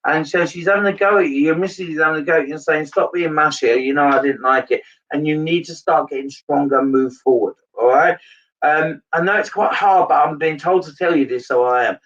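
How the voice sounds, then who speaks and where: A man, a medium, speaks earnestly in a fairly high voice. He rambles and restarts his sentences. The sound is muffled and a bit distant from the mic. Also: fairly bright tone. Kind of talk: live mediumship reading.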